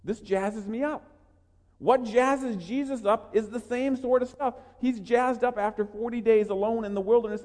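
A man preaches an energetic, earnest sermon, often repeating his words as he presses a point. His voice sits high for a man. It carries with the long reverb of a church sanctuary. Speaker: pastor. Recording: long reverb of a large hall.

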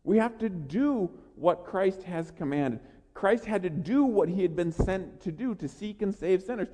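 A man preaching a sermon as a pastor, energetic and earnest, often repeating words as he builds. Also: sits high, unhurried. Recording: long reverb of a large hall.

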